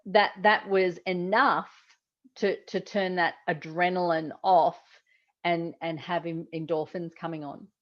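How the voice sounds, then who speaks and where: A woman's voice: on the low side, fairly even intonation, unhurried. A woman hosting an interview, encouraging her guest and prompting him with questions. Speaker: podcast host. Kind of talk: interview conversation. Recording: dull lo-fi audio.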